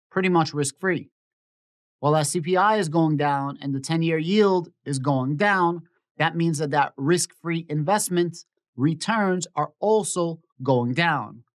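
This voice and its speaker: A man hosting his own finance channel, giving casual market commentary in an explanatory, opinionated way and often repeating that he predicted things. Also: on the high side. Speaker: stock market YouTuber.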